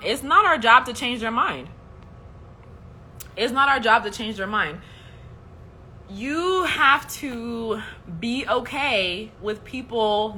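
A woman's voice: on the low side, pushed and bright, slight background noise. A woman hosting a casual faith livestream, speaking in an emphatic, preachy way and often checking in with "okay?". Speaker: host.

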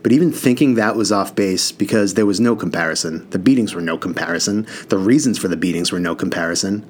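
A man's voice: sits low, fast, slight background noise. A man reading a first-person novel aloud in an earnest, casual voice with mild swearing. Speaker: audiobook narrator.

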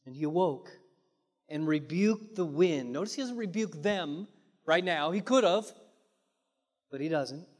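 High-voiced preacher in a reverberant hall. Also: male voice, animated, a little slow, pauses often. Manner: dramatic, swinging from loud emphasis to hushed near-whispers. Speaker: pastor. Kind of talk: sermon.

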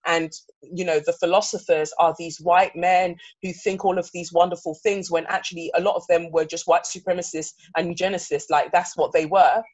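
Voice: mid-range voice, flat delivery, a little fast. A guest in their thirties from England, speaking earnestly and reflectively in an interview, often restarting sentences. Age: 30s. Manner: earnest, searching, with frequent restarts. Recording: slightly dull recording.

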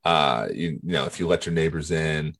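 Very deep-voiced man chatting on a podcast. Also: normal speed, creaky, fairly bright tone, no echo. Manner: rambling, with many restarts and self-corrections. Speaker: podcast co-host. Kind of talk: casual podcast chat.

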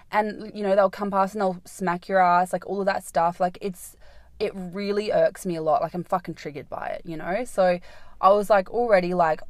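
A young woman hosts her own podcast in a casual storytelling monologue. She rambles, leans on "like" constantly and swears freely, and her voice sits fairly low for a woman. It is recorded close on a dry, dead mic. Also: dry recording. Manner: rambling, heavy "like" fillers, frequent swearing. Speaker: podcast host.

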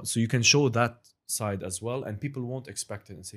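A man's voice: medium pitch, a little fast, fairly bright tone. A young man chatting casually, rambling with many fillers and restarts. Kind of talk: casual chat.

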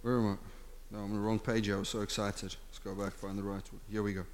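A man preaching a sermon as a pastor, impassioned, swinging between loud urging and hushed, intimate talk in a church sanctuary. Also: lowish voice, little pitch movement, fast. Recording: long hall reverb with faint music.

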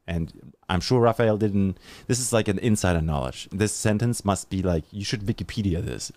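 A man's voice: lowish voice, moderate pace, dark tone, no echo. A man with a German accent hosting a live podcast, reading sponsor spots and chatting with a guest in an upbeat, hyping way. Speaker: podcast host. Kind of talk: live podcast chat and read ads.

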